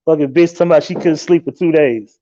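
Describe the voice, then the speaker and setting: A man's voice: a little high, fast, highs cut off, a little hiss or hum. Profane ranting man on a livestream. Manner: profane, loud and mocking. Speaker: livestream host. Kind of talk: casual live-stream rant.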